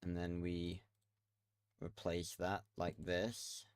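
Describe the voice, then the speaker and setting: A man chatting to himself while he builds in a video game, letting out the odd curse. His voice is lowish, smooth and unhurried, recorded dry and close on a desk mic. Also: monotone, dry recording. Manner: muttering to himself while building, swearing and laughing. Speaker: gaming video creator. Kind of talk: casual gameplay commentary.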